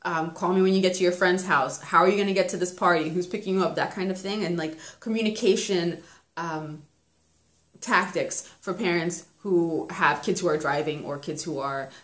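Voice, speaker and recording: A woman's voice: lowish voice, steady tone, moderate pace, a bit bright. A young woman casually chatting about parenting, talking freely and laughing often as she tells stories about her kids. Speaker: parenting vlogger reviewing a book. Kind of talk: casual chat. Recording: roomy echo.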